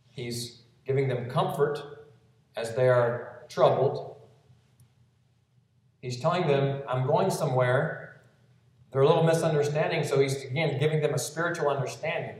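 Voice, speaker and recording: Preacher in a very echoey room. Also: male voice, a little high, moderate pace, far from the mic. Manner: gentle expository preaching, quoting scripture. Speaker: pastor. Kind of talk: sermon.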